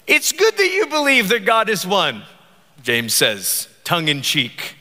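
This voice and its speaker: A man preaching a sermon as pastor, animated and joking, acting out the voices he quotes. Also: sits high, unhurried, big-room sound.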